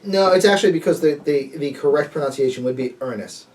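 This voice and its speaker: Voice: mid-range voice, fast talker, darkish tone, far from the mic. A co-host of a casual gaming chat, dry and matter-of-fact.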